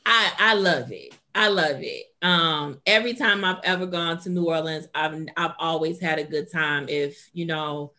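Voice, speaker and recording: A woman in casual chat, telling a story in a laid-back, drawn-out way. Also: low voice, sharp tone.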